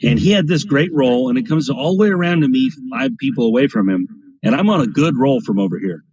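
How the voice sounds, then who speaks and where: A man's voice: mid-range voice, expressive, a little fast, a crowd in the background. A man casually telling rambling anecdotes on a live stream, often checking in with "right?". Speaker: craps streamer guest. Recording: lo-fi stream audio.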